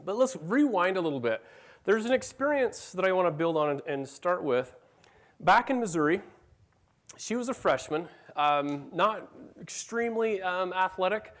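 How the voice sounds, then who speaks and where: A middle-aged man giving a talk in a conference room tells a story about his family, acting out their dialogue. His voice sits high, with lively intonation at normal speed.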